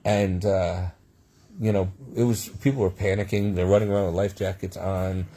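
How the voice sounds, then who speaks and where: A man's voice: deep voice, level tone, normal speed, dark tone. A man telling his own life stories in a rambling way, with frequent restarts and asides. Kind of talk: personal storytelling monologue.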